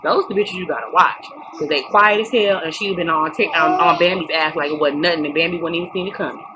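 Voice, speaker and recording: Brief: young woman, lower-pitched, blunt and cussing vlogger, recording with steady noise behind. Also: quick pace. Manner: blunt, profane, emphatic. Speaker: reality TV recap vlogger. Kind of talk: casual opinionated recap. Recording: noticeable background noise.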